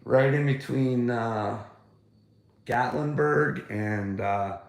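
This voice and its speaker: A man's voice: medium pitch, drawn-out words, roomy sound. A man chatting casually on a livestream, mocking and swearing at viewers and laughing often. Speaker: livestreamer talking to chat.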